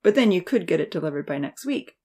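A woman's voice: lowish voice, sing-song, fast talker, mellow, husky. A woman voicing an earnest, nervous young male student who pleads and explains eagerly. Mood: explaining.

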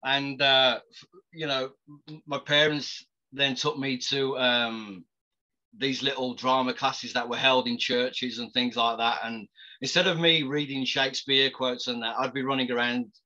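Lively man telling stories. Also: mid-range voice, a little slow, muffled recording. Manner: animated, laughs often, stumbling restarts. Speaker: actor guest. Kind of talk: casual storytelling.

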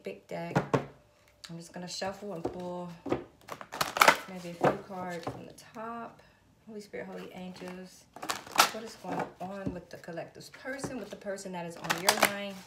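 A woman doing a casual tarot reading on video. She talks to her viewers, calls on spirit between cards and swears freely. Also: fairly low pitch. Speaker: tarot reader. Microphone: phone. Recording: echoey room with loud noise.

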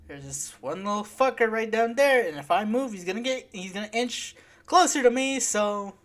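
Her voice is fairly high and expressive, moving at an ordinary speed. She's the host of a let's play, and over quiet game music she narrates her gameplay with exasperation, sarcasm and plenty of swearing.

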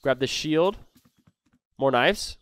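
A young man giving excited gameplay commentary as a gaming YouTuber, swinging between hushed muttering and loud outbursts. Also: medium pitch, takes it slowly, clear, resonant tone, dry recording.

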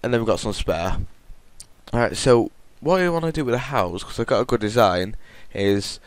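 A man's voice: medium pitch, animated, normal speed, dry recording. A man casually commenting on his building game, rambling and correcting himself as he goes. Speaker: Minecraft let's play host.

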